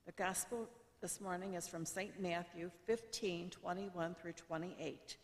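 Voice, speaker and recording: A woman reading the gospel aloud at a church service, clear and deliberate. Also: lowish voice. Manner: clear, deliberate reading with quoted lines lifted. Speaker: gospel reader. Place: church sanctuary. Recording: church with long reverb.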